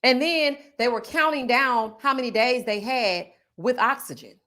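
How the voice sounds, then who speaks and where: Hosting a casual reality TV recap livestream, a woman with a fairly high voice speaks at a moderate pace directly to her viewers. She reads their chat aloud and bursts into loud laughs.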